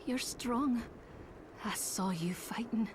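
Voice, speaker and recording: A soft, somber village mourner. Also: female voice, on the high side, background noise. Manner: soft, measured, gentle. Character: somber young village woman mourning the dead.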